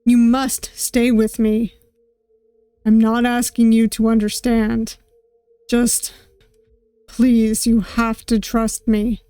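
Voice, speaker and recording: A woman reads out a gentle young male yandere captor in a game, soft and unhurried. He pleads slowly in a fairly high voice, with faint game music underneath. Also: flat delivery, clear, resonant tone, dry recording. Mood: pleading.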